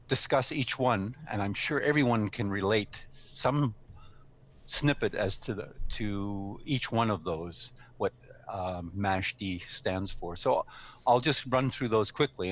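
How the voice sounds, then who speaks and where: A man giving an informal talk in an online meeting, explaining his ideas in a measured way with some fillers. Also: fairly low pitch. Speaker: speaking club member presenting.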